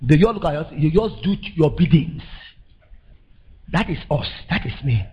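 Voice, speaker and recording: A man's voice: a little high, normal speed, slightly rough, lo-fi sound. An older man with a Nigerian accent preaching a sermon, telling stories with laughter and building to emphatic declarations. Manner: animated storytelling, laughing, rising to emphatic declarations. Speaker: pastor.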